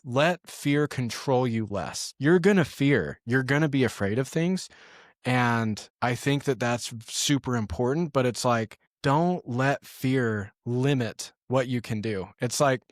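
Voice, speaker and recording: A man's voice: medium pitch, no room sound, clean studio sound. A man co-hosting a podcast, reflecting in a casual way and retelling an anecdote with quoted lines. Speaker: podcast co-host. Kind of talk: casual chat.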